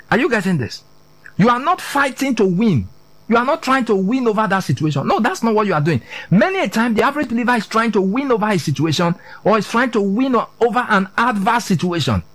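A man preaching a sermon, often checking whether his listeners are following him, and dropping low on key words. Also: very animated, fairly quick, fairly bright tone, no echo, low-quality recording. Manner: repeats "are you getting this?" to the congregation.

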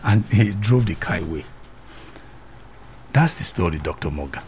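A man's voice: lively intonation, moderate pace, darkish tone, a little hiss or hum. A man hosting a talk show, telling a story and acting out each character's lines in a raised voice. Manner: acts out every character in the story, jumping high in pitch. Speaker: radio show host.

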